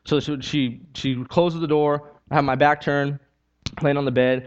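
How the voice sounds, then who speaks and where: A man's voice: on the high side, fairly even intonation, measured pace, muffled recording. A man preaching a sermon with a personal testimony, talking earnestly and conversationally, repeating key lines and building to emphatic peaks.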